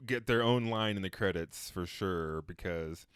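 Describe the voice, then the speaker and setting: A man co-hosting a casual film podcast, animated and crude as he jokes about a movie. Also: sits low, a little slow, smooth, dry recording. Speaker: podcast co-host. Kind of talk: casual film review chat.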